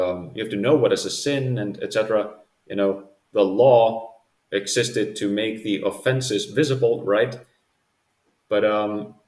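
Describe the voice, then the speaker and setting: Male podcast co-host, low-ish voice, slow and halting, echoey room. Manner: halting, many fillers and restarts. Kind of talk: casual religious discussion.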